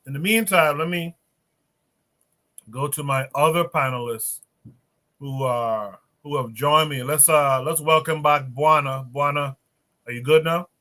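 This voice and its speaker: A man hosting a livestream panel, reading viewer comments aloud in a steady way with hesitant fillers. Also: fairly high pitch. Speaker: livestream podcast host.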